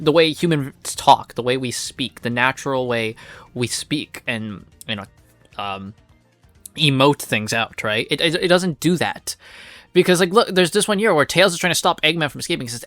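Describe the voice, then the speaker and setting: A man's voice: a little high, bright, forceful tone, no room sound. A man giving a casual, rambling review of a comic, full of fillers and blunt swearing.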